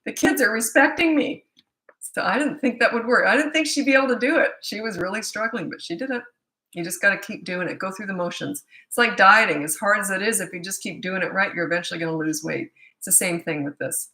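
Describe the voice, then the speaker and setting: A middle-aged woman, a parenting coach, talking casually in a live Q&A, lively and acting out what kids and parents say. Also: medium pitch, fast talker. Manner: lively, acts out quoted parents and kids in changed voices. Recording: echoey room.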